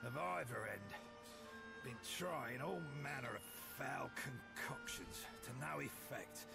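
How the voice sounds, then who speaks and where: A man's voice: mid-range voice, lively intonation, takes it slowly, vocal fry, over loud music, full character voice. An actor playing a suffering male pirate in game dialogue, speaking in pain.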